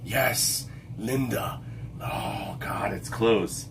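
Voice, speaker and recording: Middle-aged guy rambling on a late night stream, kinda low voice, lots of uh and um while he hunts for names. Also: very slow, creaky, slight background noise. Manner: rambling, hunts for names with many fillers and restarts. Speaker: livestream host. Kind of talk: casual late-night livestream chat.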